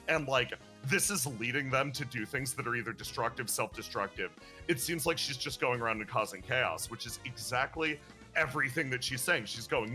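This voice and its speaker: A man chatting casually as a streamer, animatedly retelling a game's story and laughing now and then. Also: mid-range voice. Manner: animated, laughs and breaks into playful character voices. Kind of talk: casual chat recapping a game story.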